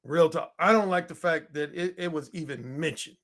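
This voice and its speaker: A man's voice: fairly high pitch, moderate pace, a bit bright. A man in his fifties, a dating coach, ranting in an emphatic and profane way. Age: 50s. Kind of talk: heated monologue.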